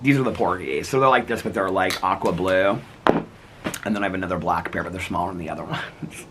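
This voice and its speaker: A man's voice: sits low, a little fast, very noisy. A middle-aged man vlogging in a rambling casual chat, laughing often as he talks.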